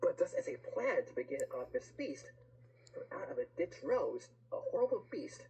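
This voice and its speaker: A woman reading a rhyming picture book aloud, with lively pauses and asides to the listener. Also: deep voice, slightly rough, poor audio.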